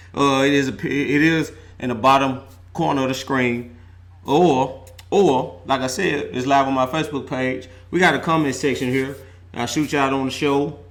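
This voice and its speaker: A man's voice: medium pitch, a bit bright. A man hosting a casual football talk show, joking and chatty. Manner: laid-back, joking, chatty with y'all slang. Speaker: sports talk show host. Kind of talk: casual sports talk livestream.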